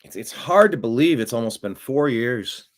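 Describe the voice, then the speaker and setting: A man hosting a solo political commentary show, talking off the cuff in a sarcastic, animated way and jumping his pitch up for mocking asides. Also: normal speed. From United States.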